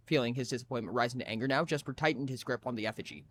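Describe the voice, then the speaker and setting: A man's voice: medium pitch, rapid-fire, hardly any pauses. A man streaming live, reading a story aloud expressively with frequent restarts.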